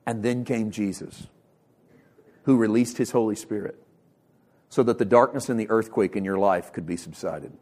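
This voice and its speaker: A male pastor delivering a sermon with passion, swinging from loud bursts to hushed lines and repeating words as he builds emphasis. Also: on the low side, moderate pace, pauses often. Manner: impassioned preaching with sharp swings from loud to hushed.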